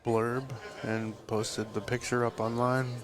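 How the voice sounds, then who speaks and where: A man with a mid-range voice and flat, slow delivery, a tattoo artist, tells a long story in a live podcast interview held at a tattoo convention. He rambles, full of fillers and swear words, while music plays in the background amid loud crowd chatter.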